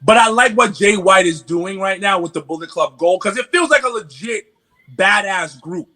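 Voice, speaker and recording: A man from New York with a New York accent, a podcast guest in casual chat, animated and stammering through restarts. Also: high voice, moderate pace.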